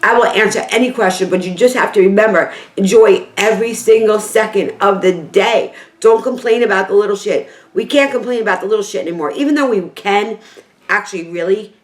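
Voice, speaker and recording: A woman's voice: medium pitch, fast. Heartfelt New York woman in an echoey room. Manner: heartfelt, rambling, repeats herself for emphasis. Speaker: beauty vlogger. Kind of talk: emotional casual talk to camera.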